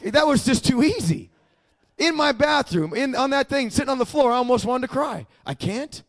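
A man's voice: very high-pitched, lively intonation, a little fast. A male pastor preaching a sermon, emphatic and prompting the congregation to repeat after him.

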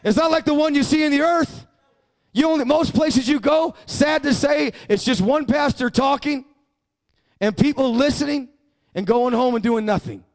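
Pastor, male, high voice, emphatic sermon delivery with call-and-response prompts to the congregation. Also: moderate pace.

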